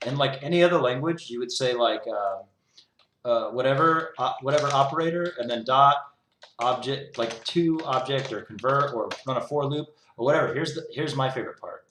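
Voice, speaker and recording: A man's voice: medium pitch, brisk, a bit bright, slight background noise. A young man with a mid-range voice talks through his code in a loose, rambling way, peppering everything with "like." He sounds exasperated. The recording carries a noticeable roomy echo. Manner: exasperated, rambling, heavy use of "like". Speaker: programmer streaming his coding. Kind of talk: casual talk-through while coding.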